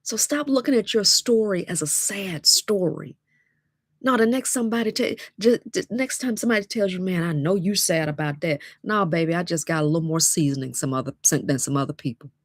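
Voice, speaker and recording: Brief: woman, fifties, low voice, dry close mic, preachy coach. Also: a little fast, dry recording. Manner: preachy, call-and-response, emphatic repetition. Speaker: dating coach. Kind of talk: motivational livestream talk.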